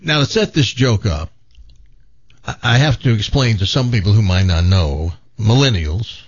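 A male radio host chats and spins a long joke with animated delivery. His pitch swings freely and the voice has a husky edge. The sound is dry, dull and lo-fi. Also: normal speed, dry recording. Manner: animated storyteller. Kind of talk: casual chat and joke telling.

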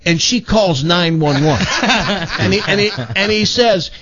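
A man hosting a radio show in the studio, telling stories in a rambling, animated way with lots of restarts. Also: on the high side, unhurried, lo-fi sound. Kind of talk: casual morning show banter.

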